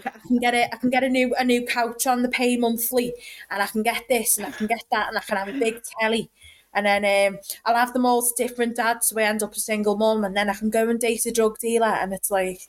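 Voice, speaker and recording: A woman, chatting on a podcast in a rambling, halting way. Her voice sits a little high, and she starts over often. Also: level tone. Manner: halting, full of fillers and restarts. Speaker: podcast co-host. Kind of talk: casual podcast chat.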